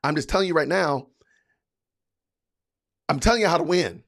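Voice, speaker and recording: A man's voice: a little high, moderate pace, creaky, fairly bright tone. A man hosting a podcast, giving sarcastic political commentary in a mocking, hyped-up, repetitive way. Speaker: podcast host.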